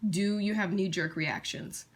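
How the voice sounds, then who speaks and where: A woman teaching tarot in a casual, blunt, chatty way, often restarting her sentences and slipping into quick acted-out scenes. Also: medium pitch, fairly even intonation. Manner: blunt, chatty, acts out scenarios in quick asides; frequent fillers and restarts.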